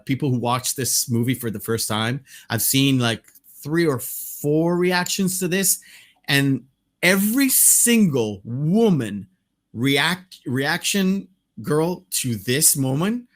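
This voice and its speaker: A man co-hosting a casual movie podcast, animated, swearing freely and laughing often. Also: mid-range voice. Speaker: podcast co-host.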